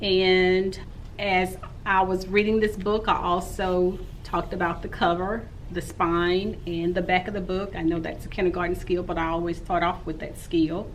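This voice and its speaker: A woman's voice: lowish voice, little pitch movement, normal speed, a little hiss or hum, low-quality recording. A woman in her forties, a teacher, recapping her day in a casual, rambling vlog. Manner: rambling and talkative.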